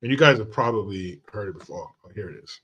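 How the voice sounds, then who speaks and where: A man's voice: lowish voice, expressive, fast, sharp tone, slightly rough. A man hosting an opinionated commentary show, talking in a blunt, profane, rambling way.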